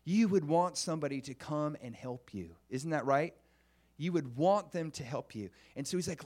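A man preaching a conversational sermon, earnest and often putting questions to the congregation, with frequent restarts. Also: moderate pace. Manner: earnest, with restarts and lively pitch swings.

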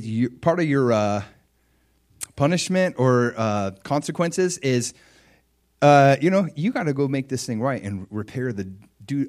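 A man preaching a sermon in a conversational storytelling way, earnest, dropping soft and low when he quotes gentle apologies. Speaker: pastor.

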